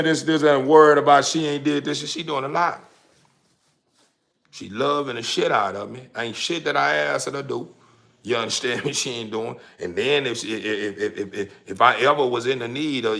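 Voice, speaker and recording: Gravelly preachy man, heated and profane. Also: mid-range voice, bright, forceful tone. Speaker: vlogger. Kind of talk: casual monologue.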